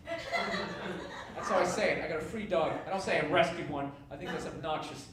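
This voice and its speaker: A man's voice: fairly high pitch, normal speed. A male stand-up comedian ranting in a sarcastic, profane way on stage before a laughing audience. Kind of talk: stand-up routine. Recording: echoey distant live stage recording, loud noise.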